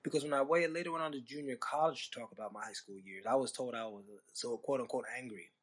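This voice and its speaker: A man's voice: mid-range voice, fast talker. A man hosting a storytelling podcast, talking in a rambling, conversational way with sarcastic asides. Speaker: podcast host. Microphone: podcast microphone.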